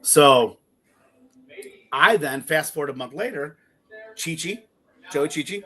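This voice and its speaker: A man's voice: a little high, lively intonation, takes it slowly, bright, forceful tone. A man co-hosting a podcast, telling a long story in casual chat, swearing freely and acting out the quotes. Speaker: podcast co-host.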